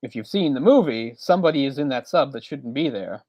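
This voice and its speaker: A man's voice: mid-range voice, lively intonation, a little fast, dry recording, muffled recording. Chatty man rambling in a dry room. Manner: chatty, rambling retelling with frequent restarts and chuckles. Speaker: podcast co-host. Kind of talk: casual movie discussion chat.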